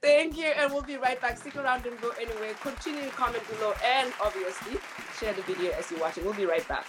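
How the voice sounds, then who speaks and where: A woman's voice: fairly high pitch, quick pace, crowd noise. A woman co-hosting a talk show, telling stories in a chatty way and laughing often. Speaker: co-host. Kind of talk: casual chat.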